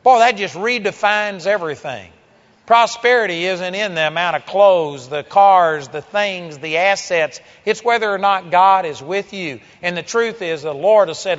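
Man, preacher, high voice, emphatic sermon, muffled sound, long church echo. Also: normal speed. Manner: forceful, emphatic preaching with sudden loud exhortations.

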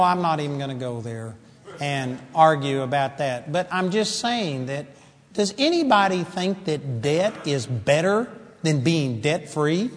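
A high-pitched man delivers an animated sermon, swinging between loud exclamations and quiet asides. His voice rings with a long reverb that trails through the hall. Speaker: preacher. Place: church hall.

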